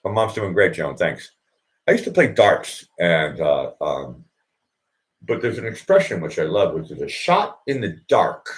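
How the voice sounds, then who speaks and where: A low-pitched man hosts a live online show, his voice swinging widely up and down. He rambles casually, full of fillers and quick jokes. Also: sing-song. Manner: rambling, jokey, lots of fillers. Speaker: show host. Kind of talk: casual live-stream chat.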